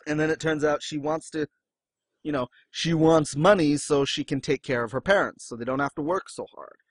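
Talking manga as a podcast co-host, this man speaks at normal speed with animated energy, putting on exaggerated high voices for quotes. No room sound is audible.

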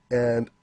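A man's voice: fairly bright tone, no room sound. Male co-host, casual recap chat, laughs constantly, acts out character lines, dry sound. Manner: giggly, keeps laughing and acting out characters' lines. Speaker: anime podcast co-host.

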